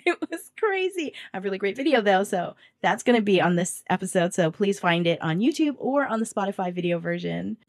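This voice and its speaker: A woman's voice: mid-range voice, brisk, few pauses, no room sound. Stuffy-nosed chatty woman podcaster. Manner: chatty, animated storytelling with laughs. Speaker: podcast co-host. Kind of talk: casual chat.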